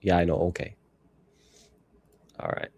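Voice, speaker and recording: On a lo-fi recording, a man in his thirties speaks a little slowly in a somewhat mellow voice. He edits photos on a live stream, musing and rambling to himself in casual commentary as he goes.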